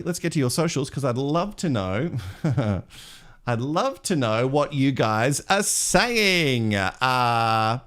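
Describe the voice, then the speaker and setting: This host, a man with an Australian accent, reads viewer comments on a live reality TV gossip show, laughing and chatting along the way. He speaks in a mid-range voice with a fairly bright tone.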